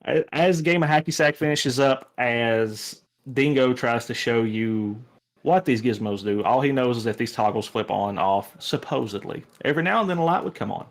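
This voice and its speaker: A man with a medium-pitched voice narrates a tabletop roleplaying game as the game master. He describes the scene in a relaxed way at a moderate pace, often restarting his sentences.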